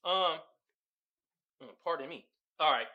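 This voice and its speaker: A man's voice: on the high side, a little slow, pushed and bright, muffled recording. A man hosting a podcast, riffing casually on memes with profane slang and frequent laughter. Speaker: podcast host. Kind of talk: casual comedic commentary on memes.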